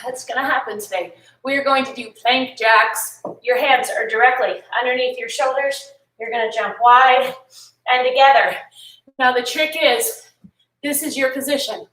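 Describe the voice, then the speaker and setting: A woman's voice: sits high, normal speed, a bit bright, recorded from a distance. A woman leading a home workout, chatty and encouraging, swapping stories between exercise cues, tired and yawning. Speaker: fitness instructor. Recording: echoey room, voice a bit off-mic.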